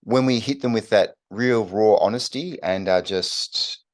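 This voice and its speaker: A man co-hosting a podcast, calmly prompting his partner with questions and affirmations. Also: on the low side, measured pace. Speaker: podcast co-host. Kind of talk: casual chat, interviewing.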